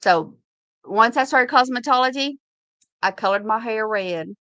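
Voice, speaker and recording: A chatty middle-aged woman with a drawl, hosting a relaxed live-stream sale from her home. Her voice is bright and sits a little high, and she laughs easily between lines. The sound is dry and close. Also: unhurried, dry recording. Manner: chatty, laughs often, greets viewers by name. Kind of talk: casual live-stream chat.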